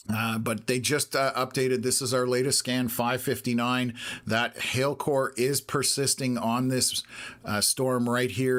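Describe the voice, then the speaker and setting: Man, 50s, from Canada, live weather host, rambling, filler-heavy, mid-pitched voice. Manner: rambling, many filler "uh"s, jumps between topics. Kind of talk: live storm-tracking commentary.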